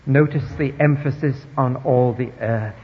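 Husky-voiced guy preaching, punchy and wry, muffled old recording in a big echoey hall. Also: mid-range voice, a little slow. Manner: emphatic, wry, swings between loud and quiet. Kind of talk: sermon.

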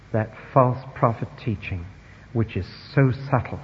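A man preaching a sermon, emphatic and wry, dropping quiet then rising loud, in a dull, echoey hall recording. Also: medium pitch, measured pace, husky.

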